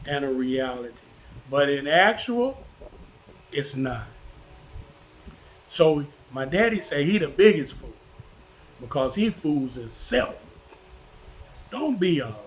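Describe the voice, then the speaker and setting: A man's voice: on the high side, a little hiss or hum, rough recording. Folksy, preachy older man. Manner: folksy, preachy, repeats himself for emphasis. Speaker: vlogger. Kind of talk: casual preachy monologue to viewers.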